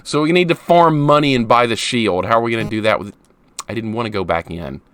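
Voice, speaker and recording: A man streaming a retro game live, commentating and greeting viewers, often frustrated and yelling at the game. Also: mid-range voice, a little fast, clean tone.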